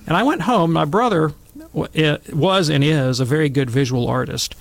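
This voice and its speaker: A middle-aged man telling wry, animated stories and commenting on scripture in a casual talk. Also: medium pitch, a little fast, gravelly. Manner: wry, animated anecdotes with acted quotes.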